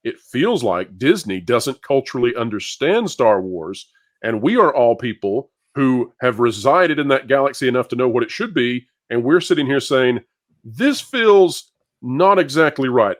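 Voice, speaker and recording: Lively man hosting a panel chat. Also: medium pitch, moderate pace. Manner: animated, laughs often, repeats words when starting. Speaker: podcast host.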